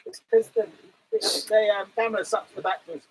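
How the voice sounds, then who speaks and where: A man's voice: sits high, sing-song, fairly quick, background noise. A man co-hosting a casual livestream chat from a narrowboat, bantering and joking. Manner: bantering, jokey. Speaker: livestream co-host. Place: narrowboat cabin.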